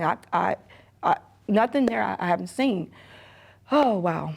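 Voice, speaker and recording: A middle-aged woman, an emergency room nurse and mother, giving a halting, repetitive personal testimony that often sinks to a hushed near-whisper. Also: mid-range voice, gravelly. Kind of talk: personal testimony in a documentary interview.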